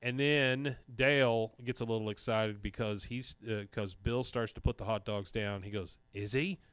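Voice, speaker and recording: A man's voice: fairly low pitch, fairly even intonation, normal speed, a bit bright, smooth, no echo. A man hosting a podcast, recapping episode scenes in a casual way and briefly mimicking the characters' lines.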